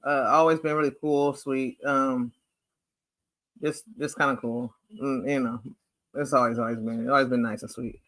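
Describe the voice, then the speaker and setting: Man, bright voice, dry close sound, chatty, rambling, playful host. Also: medium pitch, moderate pace, dry recording. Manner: rambling, chatty, heavy use of "like"; animated and playful. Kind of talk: casual photo-slideshow chat.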